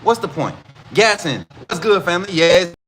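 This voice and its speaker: A man hosting a casual football livestream, talking straight to his chat with animated, repetitive hype. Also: sits high, normal speed, faint music behind. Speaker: host of a college football livestream.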